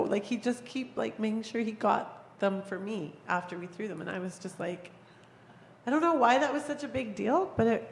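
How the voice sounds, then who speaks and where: A woman's voice: mid-range voice, creaky, a little mellow. A woman speaking up from the congregation, sharing a personal story with emotion, hesitating often. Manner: emotional, hesitant, many fillers. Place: church hall. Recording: long hall reverb with faint background noise.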